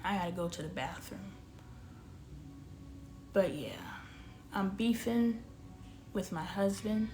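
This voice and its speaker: A woman's voice: lowish voice, measured pace, long pauses, a little mellow, slight background noise. A woman who makes online content and works as a spiritual coach, venting bluntly and swearing freely in a candid monologue.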